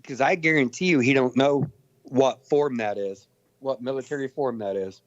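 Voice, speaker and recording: A man's voice: medium pitch, normal speed, no room sound. A male caller speaks combatively and boastfully on a live call-in show. His voice comes through dry and dull, like a muffled call line. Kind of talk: call-in on a livestream.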